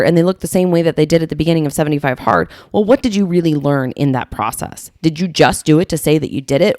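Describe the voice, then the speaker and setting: A woman health coach with a low voice co-hosts a casual podcast. She talks earnestly and with emphasis. The recording is dry and close. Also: a little mellow, no echo.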